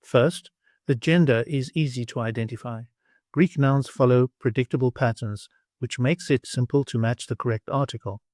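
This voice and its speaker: A male language teacher reads a scripted lesson slowly, clearly and instructively, in a middle-pitched voice with a somewhat dark tone. It's a dry, close voice-over with no room sound.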